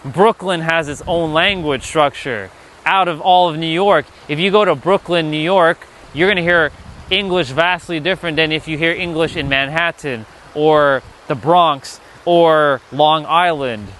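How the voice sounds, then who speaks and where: Slightly high-voiced guy chatting on his stream about spirituality, loose and rambly, cusses a bit. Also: a little slow, a bit bright, a little hiss or hum. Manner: loose and rambling, casual swearing. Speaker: spiritual livestream host. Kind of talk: casual livestream talk, reading chat.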